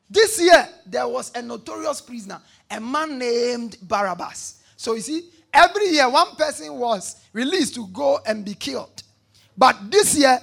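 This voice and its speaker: A man with a very high, gravelly, husky voice preaches a sermon, reading scripture aloud. He leads the congregation in call-and-response, having them repeat after him, and shouts at the peaks.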